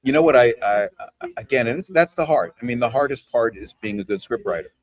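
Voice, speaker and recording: A man runs a training session for his team over a video call, and his casual coaching is loose and chatty. His pitch is ordinary for a man, his delivery expressive and quick, and he peppers his points with "right?" and "you know."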